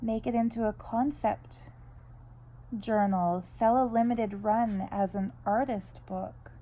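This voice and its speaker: A woman's voice: fairly high pitch, fairly even intonation, takes it slowly, warm tone, rough recording. A woman vlogging about her art, chatting in a rambling, candid way full of tangents while she draws. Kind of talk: casual draw-along chat.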